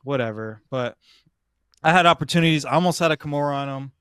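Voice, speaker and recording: A man's voice: fairly high pitch, quick pace, a bit bright, clean tone, no echo, studio quality. A young man casually telling a competition story on a podcast, slangy and swearing, calling his listener "bro" over and over. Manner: slangy, swears a lot, says "bro" often. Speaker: podcast host.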